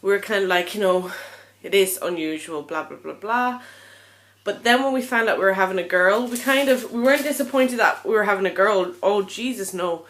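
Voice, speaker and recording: A young woman talks casually to her camera, rambling along with plenty of ums and frank asides. She sounds tired and a touch out of breath, her pitch sitting in the middle of the range. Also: fairly bright tone. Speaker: vlogger.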